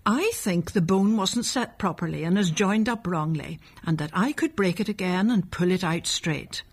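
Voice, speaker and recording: A woman doing a calm, kindly doctor. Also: lowish voice, moderate pace, husky. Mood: reassuring. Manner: calm, reassuring, firm. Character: kind calm male doctor, middle-aged.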